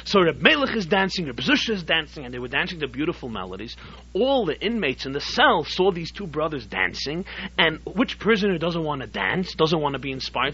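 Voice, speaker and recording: A man leads a Torah class as a rabbi and tells the story with animation, building to emphatic peaks. His voice sits a little high and sounds bright and forceful. The recording is dull and lo-fi, with a faint hum underneath. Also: very animated, a little fast.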